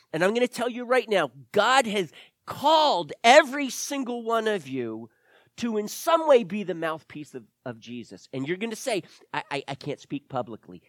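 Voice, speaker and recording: A man's voice: sits high, a bit bright, no room sound. A male pastor preaching a sermon, reading scripture and pressing his points with emphatic repetition. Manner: emphatic, repeats phrases for stress.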